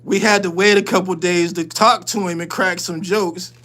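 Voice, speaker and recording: A man's voice: high-pitched, fairly even intonation, normal speed, sharp tone. A man hosting his channel, telling a story in casual, profane street slang and laughing often as he goes. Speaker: channel host.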